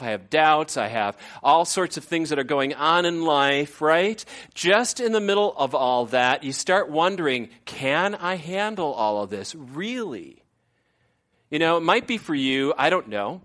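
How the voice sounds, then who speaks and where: A man in his fifties preaching a conversational sermon as pastor, often acting out what people say. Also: a little high. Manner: conversational, animated, acts out quoted voices.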